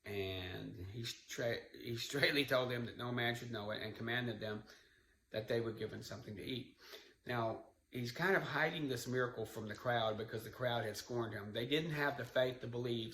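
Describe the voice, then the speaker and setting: A Bible teacher leads an informal study, retelling the story conversationally and adding asides. His mid-range voice is fairly bright and moves at a normal speed, recorded in an echoey room with faint background noise.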